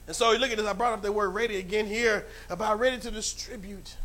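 High-voiced New York pastor preaching a sermon. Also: male voice, quick pace, hardly any pauses. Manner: rises from low conversational asides to loud fervent exhortation; repeats phrases and stumbles with fillers.

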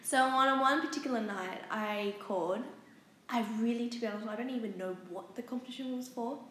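An Australian woman chatting and telling a story, quick to laugh. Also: a little high, fairly bright tone, slight background noise. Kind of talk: casual storytelling chat. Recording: very echoey room, faint ambience.

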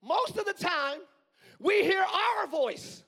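A man in his forties preaching with a strikingly high voice, hoarse from use. He drifts between hushed, thoughtful asides and loud, yelled exhortation, the way a pastor works a live congregation. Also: expressive, slow pace. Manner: swings from quiet musing to yelling. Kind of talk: live sermon. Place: church sanctuary.

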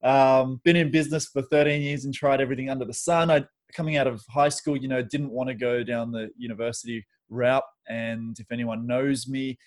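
An Australian man being interviewed on a podcast, his voice sitting at a middle pitch. He talks in an easygoing, chatty way and often breaks into a laugh. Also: steady tone, a little fast, hardly any pauses. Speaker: podcast guest, business owner. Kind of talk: casual interview.

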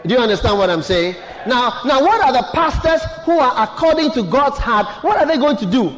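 A man's voice: extremely high pitch, animated, fairly quick, a bit bright. A man preaching a sermon as pastor, putting questions to the congregation and repeating key words. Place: church hall. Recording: long echo of a large hall.

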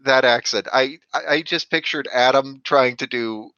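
A man's voice: medium pitch, normal speed, bright, forceful tone, clean tone, no echo. A man chatting casually at a tabletop game, rambling and repeating his words as he goes. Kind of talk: casual chat. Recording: dull lo-fi dry sound.

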